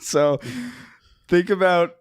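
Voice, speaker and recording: A man co-hosting a comedy podcast in casual chat, halting and trailing off as he explains. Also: sits high, fairly even intonation, slight background noise. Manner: slow, halting, trails off mid-sentence. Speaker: podcast co-host.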